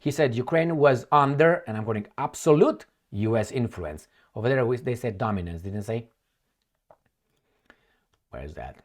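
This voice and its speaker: Male commentator, mid-pitched, halting delivery full of fillers and restarts, blunt asides. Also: lively intonation. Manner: blunt, mutters asides to himself. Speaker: political commentator. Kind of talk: reading and commenting on news articles.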